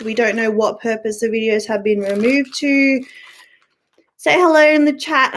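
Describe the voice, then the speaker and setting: A young woman hosting her own live stream from home on a webcam mic. She rants bluntly and irritably, swears freely and breaks off to greet chat viewers by name. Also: on the high side. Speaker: YouTube livestream host. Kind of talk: casual live-stream rant.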